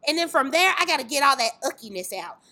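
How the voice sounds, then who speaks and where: A young woman, a fitness trainer sharing a candid faith testimony, telling it in a lively way with acted-out voices and exclamations. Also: high voice, fast talker. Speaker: fitness trainer and dance tour organizer.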